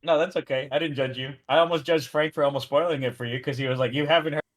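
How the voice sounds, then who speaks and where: A man's voice: on the high side, steady tone, quick pace. A man co-hosting a reaction video over a call, chatting casually and laughing easily. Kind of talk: casual chat.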